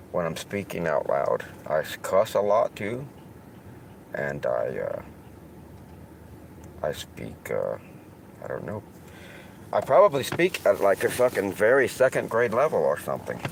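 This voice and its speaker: A man with a Southern US accent hosts a casual livestream, his very low voice swinging widely in pitch. He rambles and swears constantly, with a faint hum of noise behind him. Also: gravelly, rough recording. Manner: rambling and heavily profane. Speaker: streamer host.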